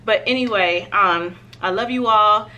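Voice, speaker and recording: A woman's voice: mid-range voice, a little slow. Chatty woman vlogger talking to viewers. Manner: chatty and expressive, talks straight to viewers. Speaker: fashion vlogger. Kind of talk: casual try-on haul chat.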